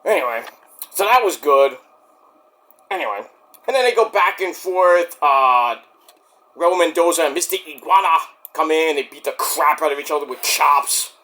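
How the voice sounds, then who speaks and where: A man giving a casual solo wrestling review, excitable and swearing freely. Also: a little high, normal speed.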